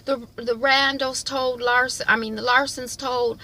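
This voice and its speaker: A woman's voice: high voice, flat delivery, unhurried, sharp tone, pitched above the performer's own voice, full character voice, low-quality recording. A woman voicing a distraught middle-aged mother pleading with her husband.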